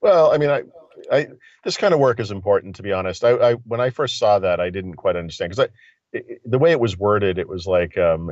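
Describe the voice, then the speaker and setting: A very deep-voiced man rambles through a casual tech chat, stopping and restarting his thoughts. He calls in over a phone, so the sound is dull and lo-fi, with a dry, close feel. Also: lively intonation, fast talker, darkish tone, no room sound. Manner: rambling, thinking aloud with many fillers. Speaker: tech commentator. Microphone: phone line.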